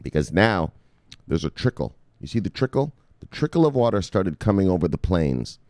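A man with a very low voice swoops up and down as he preaches a mock sermon about crypto. His delivery is crude and joking, and the dry, close sound leaves no room echo. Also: big pitch swings, normal speed, darkish tone. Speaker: crypto video host.

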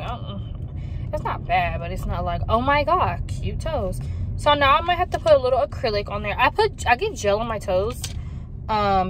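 Lively, chatty woman ranting in a car. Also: mid-range voice, a little hiss or hum. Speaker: vlogger. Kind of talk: casual vlog chat. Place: in a car while driving.

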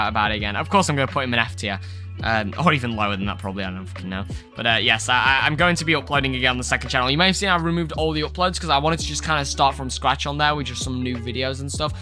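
A man's voice: medium pitch, sharp tone. A young British man hosting a casual gaming livestream, giggling often, reading chat aloud and saying "guys" constantly. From England. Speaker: livestream host.

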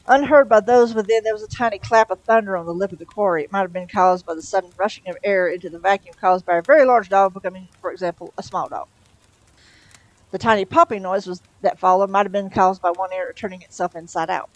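A woman's voice: medium pitch, quick pace, no room sound, poor audio. A woman reading a novel aloud in a casual way, with small stumbles and self-corrections. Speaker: storyteller.

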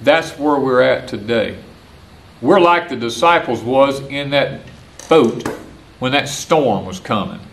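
A man's voice: medium pitch, slow pace, a little hiss or hum. An older Southern man, a homesteader and former preacher, gives a folksy porch-side sermon and repeats his points. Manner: folksy, repetitive, animated. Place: outdoor porch.

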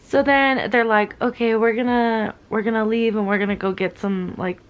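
A woman's voice: a little high, steady tone, moderate pace, clean tone. A young woman vlogging in a casual, candid way while in pain, swearing freely and saying "like" often. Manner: candid, swearing, heavy use of "like". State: in pain, weary. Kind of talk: casual vlog storytelling.

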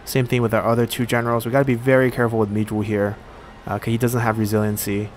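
A man giving casual let's-play commentary while he plays a strategy game, thinking aloud and pausing often on fillers. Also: medium pitch, flat delivery, slight background noise. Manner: thinks aloud, halting with frequent "uh".

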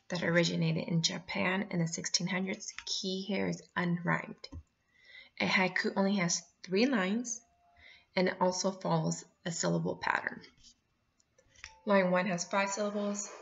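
Brief: woman teacher, low gravelly voice, patient explaining, lo-fi computer mic. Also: fairly bright tone. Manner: clear and instructive, reads poems aloud, slows down to explain. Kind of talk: remote lesson.

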